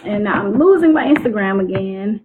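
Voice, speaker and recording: Woman, youth coach, clear articulate delivery, tinny phone-line audio. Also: medium pitch, expressive, normal speed, a little hiss or hum. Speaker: youth self-esteem coach. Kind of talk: live-streamed teaching session. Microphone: phone livestream.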